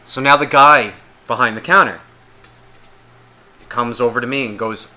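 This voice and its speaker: A man with a bright, forceful voice rambles through a casual story on a podcast. He swears constantly and sounds exasperated. He slips into the voices of the people he describes. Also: mid-range voice, normal speed, pauses often. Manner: acts out the voices of people in his stories. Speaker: podcast co-host.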